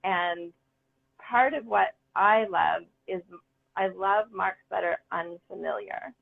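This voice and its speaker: A woman's voice: medium pitch, takes it slowly, creaky. A woman artist talking earnestly and enthusiastically about her work in a casual conversation. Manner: earnest, enthusiastic, many ums. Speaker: guest artist. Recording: phone-like call audio.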